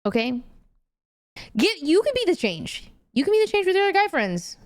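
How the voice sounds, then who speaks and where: A young woman streaming and chatting casually, animated and swearing freely as she gets heated. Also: very high-pitched, moderate pace. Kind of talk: casual chat.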